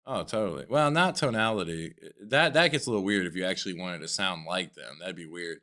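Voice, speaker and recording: A man's voice: deep voice, animated, a little fast, pushed and bright. A man with a Southern American accent on a podcast, chatting casually in a loose, profane, rambling way full of fillers. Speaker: podcast co-host. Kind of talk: casual chat.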